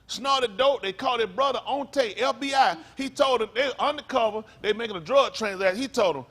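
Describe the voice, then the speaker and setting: A male pastor preaching a sermon to his congregation, fiery and slangy, firing rhetorical questions at the room and swinging from low mutters to sudden loud bursts. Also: fairly quick, few pauses.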